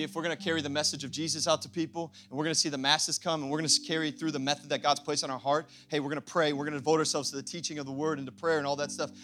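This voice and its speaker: A young adult pastor delivering an impassioned sermon, often rising to shouting. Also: male voice, on the high side.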